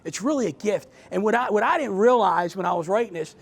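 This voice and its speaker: A middle-aged man with a high-pitched, gravelly voice gives a motivational talk to a live group. He keeps it conversational, asks the audience questions and often stumbles into restarts. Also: animated, fast talker. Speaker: author speaking to a group.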